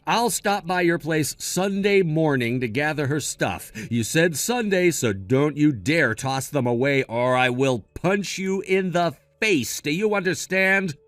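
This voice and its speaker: A man's voice: on the high side, animated, unhurried, hardly any pauses, fairly bright tone, dry recording, soft background music. A man narrating a text-message story in a blunt, scolding tone. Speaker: narrator voicing text chat.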